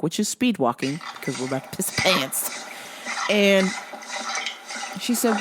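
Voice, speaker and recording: A woman's voice: on the low side, expressive, fairly quick, noisy background. A woman telling a profane, brash comedic story about customers at her store. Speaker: store worker telling stories.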